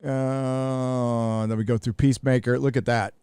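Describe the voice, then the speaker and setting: A man's voice: mid-range voice, level tone, a little slow, darkish tone, clean tone, no room sound, studio quality. A middle-aged man from the United States hosting a live show, talking bluntly and casually with profanity and frequent restarts. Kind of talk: casual livestream commentary.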